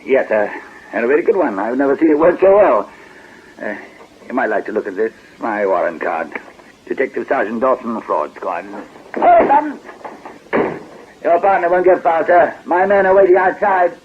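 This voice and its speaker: An actor playing a shrewd male detective sergeant in a radio drama, speaking smoothly and unhurriedly with polite mockery. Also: medium pitch, lively intonation, normal speed, slight background noise, natural voice. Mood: wry. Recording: dull lo-fi archive radio recording.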